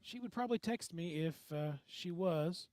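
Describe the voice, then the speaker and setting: Male play-by-play caller, local radio baseball, slightly high voice, dry close sound, folksy and easygoing. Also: moderate pace, no echo. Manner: folksy, relaxed banter between pitches. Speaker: play-by-play announcer.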